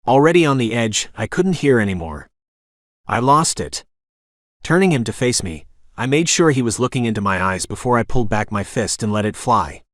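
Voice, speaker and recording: A man narrating a romance audiobook in first person, with a gruff, dramatic delivery. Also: medium pitch, lively intonation, normal speed, fairly bright tone, dry recording, clean studio sound.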